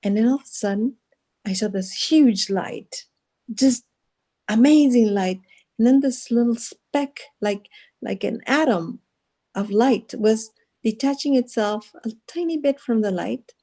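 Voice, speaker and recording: A woman's voice: fairly high pitch, unhurried, warm tone. A woman from Guatemala, a guest telling a personal story in a casual interview, earnest and often laughing, with many restarts.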